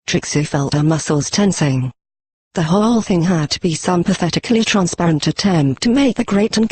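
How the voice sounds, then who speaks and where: Brief: male text-to-speech storyteller, a little high and husky, dry close sound. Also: no echo. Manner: even, machine-read delivery. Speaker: narrator. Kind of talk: synthetic audiobook narration.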